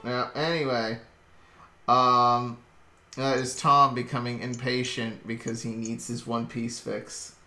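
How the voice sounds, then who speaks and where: A man hosting a casual late-night stream chat from home, rambling and jokey with halting restarts. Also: mid-range voice, completely flat delivery, bright, forceful tone, faint music behind. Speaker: stream host. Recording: roomy echo.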